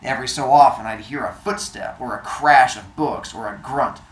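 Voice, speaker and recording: A woman teacher reading a novel aloud to her class, expressive and animated, with joking asides. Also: very deep voice, moderate pace, reverberant.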